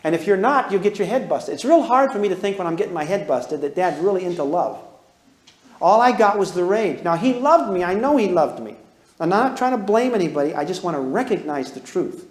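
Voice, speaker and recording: A man's voice: high-pitched, lively intonation, a little fast. A man teaching a parenting class to a live audience, emphatic and drawing on his own life, with frequent rhetorical questions to the room. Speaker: parenting course lecturer. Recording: echoey room.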